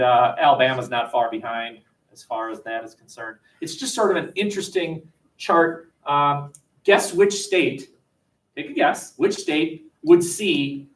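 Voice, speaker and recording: A man teaching history to a class, animated, thinking aloud and asking the class questions, recorded on a webcam across the classroom. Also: fairly high pitch, slow. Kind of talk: classroom lecture. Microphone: webcam across the room. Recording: roomy classroom picked up from a distance.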